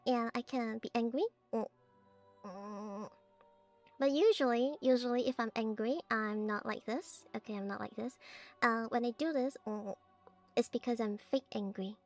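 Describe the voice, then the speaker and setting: A woman VTuber chatting playfully on stream, teasing her viewers in a cult-priestess persona. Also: a little high. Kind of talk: playful stream chat showing off her avatar.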